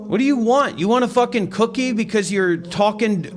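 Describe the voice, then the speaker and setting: Blunt high-voiced man berating callers. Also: normal speed, few pauses, faint music behind. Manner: blunt, profane, mocking, confrontational. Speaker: host of a meditation livestream. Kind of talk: live call-in Q&A.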